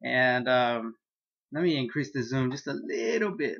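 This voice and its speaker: A man giving a casual manga chapter review, excitable and profane, laughing as he loosely retells scenes. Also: medium pitch, normal speed, dull audio.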